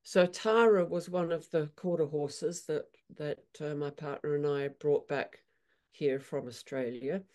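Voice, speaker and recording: A woman equine therapist telling animated stories in an interview, acting out her horses' voices. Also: low-pitched, a little slow. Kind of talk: storytelling in an interview.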